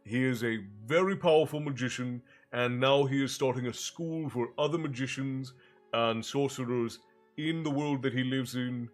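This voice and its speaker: Over soft background music, a congested, breathless man of medium pitch and ordinary pace runs a livestream story hour. He chats loosely with the live chat, greeting viewers by name, rambling and breaking off mid-phrase, then starts reading a fantasy novel aloud.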